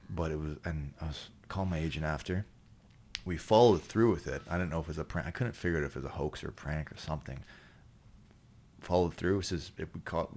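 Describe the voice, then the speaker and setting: With a deep bass voice, a podcast guest from Canada spins a rambling, profane tale during a casual chat. Every so often he erupts into loud laughter.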